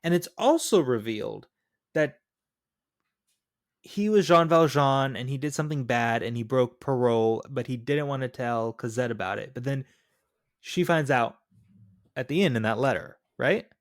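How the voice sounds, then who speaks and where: A mid-pitched man chats in a relaxed way and keeps questioning the logic of the story. His voice is recorded dry and close. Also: moderate pace, no echo. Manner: questioning, puzzles over plot holes. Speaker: podcast co-host. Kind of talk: casual chat.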